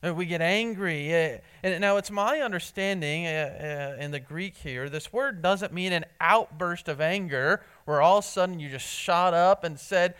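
A man preaching a sermon in church, earnest, often restarting his words and swinging between loud emphasis and soft asides. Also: on the high side, expressive, normal speed, clear, resonant tone. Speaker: pastor.

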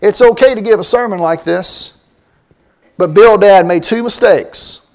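Preacher, male, high-pitched voice, emphatic expository sermon, reads old scripture then explains it plainly. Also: unhurried, a little mellow. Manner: emphatic, repetitive, rhetorical questions to the congregation.

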